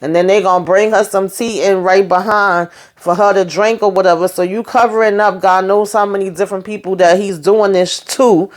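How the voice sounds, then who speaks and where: A woman's voice: medium pitch, steady tone, moderate pace. A woman casually recapping a TV episode, blunt and outspoken, swearing freely and briefly voicing the characters as she retells each scene. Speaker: TV show recapper.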